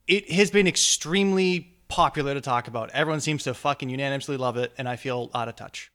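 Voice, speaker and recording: A man's voice: on the high side, fast talker, hardly any pauses, a bit bright. A man co-hosting a podcast in casual chat, playful and sarcastic, laughing often. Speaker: podcast co-host.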